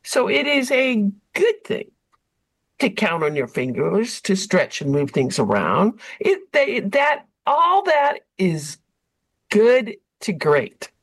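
A woman leading a haiku group, explaining their rules in a lively, rambling way. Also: mid-range voice, takes it slowly, no room sound. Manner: animated, explanatory, restarts often. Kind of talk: casual group interview.

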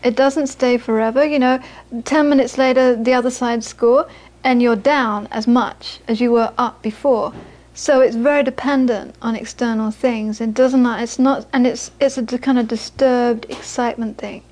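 A woman teaches as a Buddhist teacher, her voice bright and high. She tells anecdotes with animated quoted voices and drops to a soft, hushed tone for reflection. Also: normal speed, hardly any pauses. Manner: storytelling, animated when quoting, soft and hushed on inner peace. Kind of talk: dharma talk with anecdotes.

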